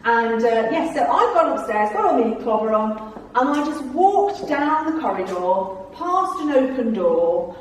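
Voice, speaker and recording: A middle-aged woman tells lively anecdotes to a club audience, in a chatty, theatrical way and with plenty of laughter. Her slightly high voice rings through a very echoey meeting room. She is picked up from some distance, with a faint hiss underneath. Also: unhurried. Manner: chatty, theatrical storyteller who laughs often. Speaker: guest speaker, former tour guide. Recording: very echoey room, voice far from mic.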